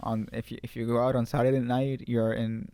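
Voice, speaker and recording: A man co-hosting a podcast, chatting agreeably in a halting casual way. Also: medium pitch, level tone, warm tone, clear, resonant tone, no echo. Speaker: podcast co-host. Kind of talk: casual chat.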